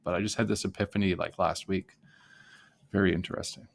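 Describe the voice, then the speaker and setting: A man hosting a podcast as a life coach, talking in a relaxed, reflective way. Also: sits low, fairly quick, vocal fry. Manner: reflective, thinking aloud. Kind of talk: casual podcast conversation.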